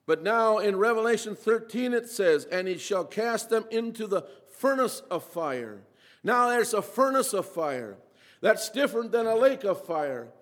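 A man preaching a sermon in an earnest way, repeating phrases and slowing down for emphasis. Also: high-pitched, in a large hall.

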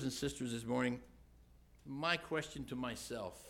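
A man preaching a sermon in church, earnest, moving between loud questions and hushed retelling. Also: mid-range voice, moderate pace.

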